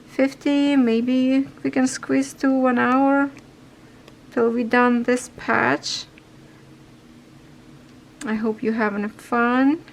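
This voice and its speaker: Craft vlogger, woman, non-native English, stuffy, unhurried rambling chat. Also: high-pitched, level tone, gravelly, a little hiss or hum, poor audio. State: stuffy nose. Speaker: cross-stitch vlogger. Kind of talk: casual chat while stitching.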